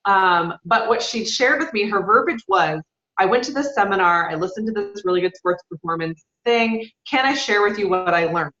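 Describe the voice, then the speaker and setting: A woman's voice: mid-range voice, very animated, normal speed, bright, forceful tone. A woman on a panel telling her side of a story in a casual, candid way. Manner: casual, candid, with many fillers. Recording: echoey, dull room recording.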